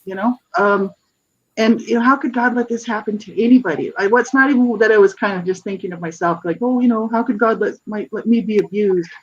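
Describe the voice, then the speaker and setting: Husky-voiced woman telling her story. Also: mid-range voice, a little fast, dull audio. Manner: earnest, searching, frequent restarts and "you know, right?". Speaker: interview guest, author and advocate. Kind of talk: personal testimony in a radio interview.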